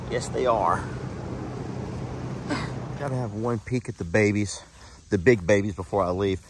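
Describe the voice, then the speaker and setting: A man, a ranch vlogger chatting folksily to the camera outdoors in a hot pasture, sometimes hushing and sometimes cooing at his animals. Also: lowish voice, a little hiss or hum. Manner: chatty and folksy, shifts between loud and hushed, coos at animals. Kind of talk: casual vlog talk to camera.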